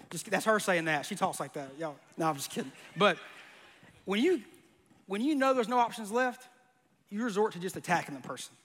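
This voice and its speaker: A man's voice: sits high, animated, brisk, a bit bright, in a large hall. A man preaching a sermon, conversational and joking, with bursts of emphasis. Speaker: pastor.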